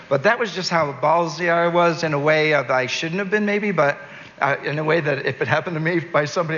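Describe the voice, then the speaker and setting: A Canadian man in an interview, telling a rambling, animated story and laughing at his own jokes. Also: on the high side, fairly quick. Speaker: entertainer and guest. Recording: dull recording with long reverb, faint noise.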